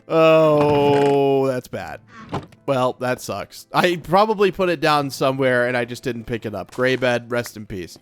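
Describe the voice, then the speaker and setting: A man's voice: mid-range voice, animated, a little slow. Chatty man talking to himself. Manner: chatty, nervous self-talk. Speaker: let's play host. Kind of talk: casual gameplay commentary.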